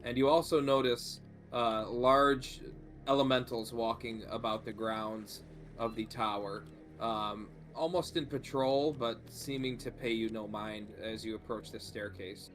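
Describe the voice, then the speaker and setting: A man's voice: medium pitch, a little slow, soft background music. Laid-back male game master narrating. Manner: relaxed narration with fillers.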